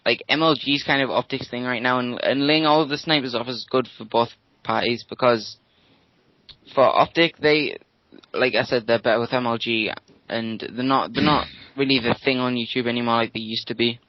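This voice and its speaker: A man's voice: medium pitch, fairly even intonation, normal speed, no echo. A young British man co-hosting a podcast in casual chat, teasing and swearing, with frequent restarts. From United Kingdom. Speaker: podcast co-host. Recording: dull lo-fi mic sound.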